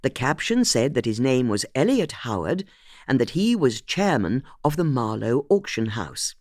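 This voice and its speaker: An audiobook narrator reading a mystery novel in an expressive, scripted way. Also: mid-range voice, moderate pace, no echo, studio quality.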